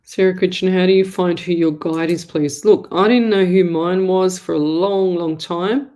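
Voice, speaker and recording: A woman hosts a live call-in show as a psychic medium. She talks in a loose, chatty, rambling way and addresses listeners warmly as "lovey". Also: fairly low pitch, steady tone, normal speed. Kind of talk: live online call-in readings.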